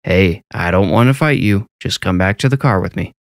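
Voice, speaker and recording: A man's voice: low voice, moderate pace, no room sound, clean studio sound. Man doing a wry, easygoing night-shift cop. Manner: easygoing, friendly, firm. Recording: narration over clear background music.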